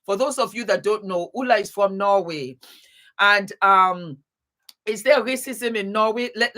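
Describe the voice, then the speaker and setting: A woman hosting a casual live stream, greeting viewers warmly by place and laughing often as she chats. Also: medium pitch. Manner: warm, chatty, calls viewers baby and beautiful. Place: home, seated.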